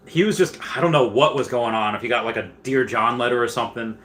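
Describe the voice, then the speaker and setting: A man hosting a casual livestream who rambles on, reads viewer comments aloud and breaks into loud, excited bursts. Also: medium pitch, fast talker. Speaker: livestream host.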